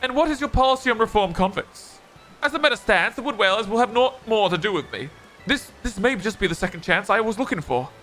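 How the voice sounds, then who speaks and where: A man's voice: high voice, expressive, brisk, a bit bright. Laurentus, a man reading a remorseful ex-convict. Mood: earnest. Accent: Australian. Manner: earnest, old-fashioned formal speech.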